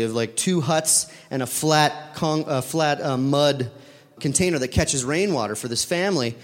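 Man with a slightly raised voice telling a lively, self-deprecating anecdote, reverberant room. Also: fairly high pitch. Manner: animated, self-deprecating, acts out dialogue. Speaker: storyteller. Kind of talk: casual spoken anecdote.

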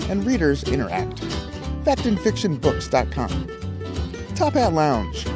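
An announcer reading the podcast's sponsor credits in an even, promotional script. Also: medium pitch. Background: guitar and fiddle music.

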